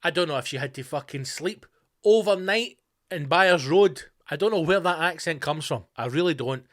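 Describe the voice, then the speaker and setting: A Scottish man rants with heavy swearing and dry sarcasm as he hosts his own show. His voice sits a bit higher than most men's. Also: expressive, moderate pace. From Scotland. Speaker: podcast host. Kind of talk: profane comedic rant.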